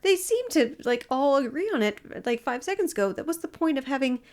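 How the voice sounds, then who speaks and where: A woman co-hosting a podcast, sarcastic and quick to argue. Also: high voice, very animated, darkish tone. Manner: sarcastic, argumentative. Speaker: podcast co-host. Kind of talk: casual chat.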